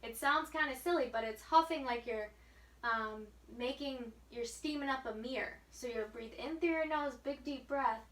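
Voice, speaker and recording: A woman's voice: high-pitched, normal speed, fairly bright tone. A woman physical therapist patiently coaching a patient through breathing and walking exercises, counting out each breath. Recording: echoey room, far from mic, faint hiss.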